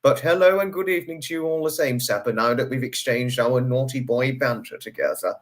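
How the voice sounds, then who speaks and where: Chatty man hosting a livestream. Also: a little fast. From United Kingdom. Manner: chatty, greets viewers with sudden high bursts. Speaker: livestream host. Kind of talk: casual livestream chat, reading out viewer comments.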